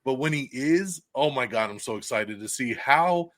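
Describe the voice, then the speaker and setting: A man hosts a casual podcast movie review, gushing with excitement and breaking into laughter. His voice sits at an ordinary middle pitch. It comes through close and dry on a podcast mic, with almost no room sound. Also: moderate pace, dry recording. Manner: enthusiastic, swears freely, laughs often. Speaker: podcast host. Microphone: podcast mic, recorded live for video stream.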